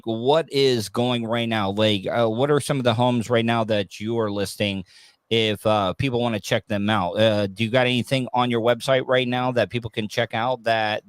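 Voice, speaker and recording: A man hosting a casual podcast, joking and rambling in a lively way. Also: medium pitch, clean tone, no room sound. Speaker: podcast host.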